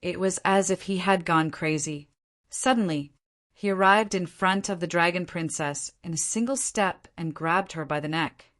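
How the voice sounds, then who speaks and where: A woman narrating a fantasy novel as an audiobook in a steady, measured storytelling read. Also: fairly low pitch.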